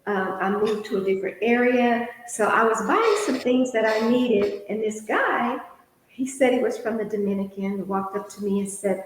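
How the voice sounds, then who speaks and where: A woman's voice: a little high, moderate pace. A middle-aged woman co-hosting a casual chat, telling a funny story with lots of laughter. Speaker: co-host. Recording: heavy echoing hall-like reverb.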